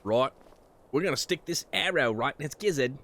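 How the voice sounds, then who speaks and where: A man streaming a game live, chatting casually with his viewers and reacting to what happens on screen. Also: normal speed. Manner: animated, jumpy pitch with sudden high exclamations. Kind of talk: casual live gameplay commentary.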